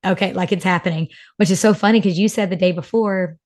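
Quick-paced and on the low side, her darkish voice belongs to a young North Carolina woman co-hosting a podcast. The chat is casual and emotional, and she tells stories in a chatty way, sprinkling in plenty of "like."

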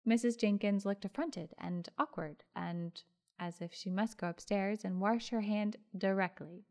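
A woman reads a classic story aloud for an audiobook in a lively way, slipping in little asides to the listener. Her voice is mid-range and her pace measured.

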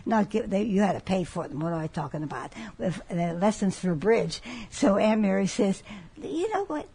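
An elderly woman talks in a loose, rambling way and likes to tell jokes. Her voice has a husky, slightly rough edge, and its pitch sits in an ordinary middle range for a woman. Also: normal speed, dark tone. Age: older. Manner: chatty joke-teller, rambling. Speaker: guest of honor. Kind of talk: casual chat.

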